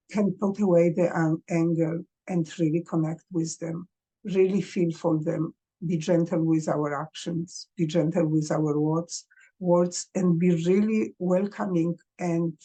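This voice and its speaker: Slow, soft-toned woman coaching parents. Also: fairly low pitch, steady tone, husky. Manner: gentle, earnest, speaks English as a second language. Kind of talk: gentle advice talk to parents.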